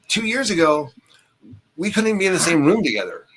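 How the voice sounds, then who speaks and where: A man's voice: fairly high pitch, big pitch swings, a little fast, a loud crowd, rough recording. A man hosting a live stream, chatting casually in an effusive, repetitive way. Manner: effusive, repetitive, warm-hearted. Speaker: stream host. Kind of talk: casual chat.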